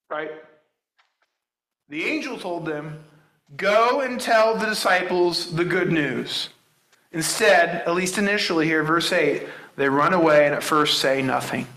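A man's voice: high-pitched, sharp tone, echoey room, low-quality recording. A man preaching a sermon in a conversational way, asking his listeners many rhetorical questions. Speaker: pastor.

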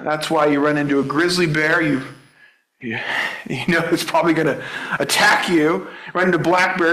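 A man's voice: high-pitched, pushed and bright, roomy sound, low-quality recording. A man preaching a sermon in a conversational way, asking his listeners many rhetorical questions. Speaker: pastor.

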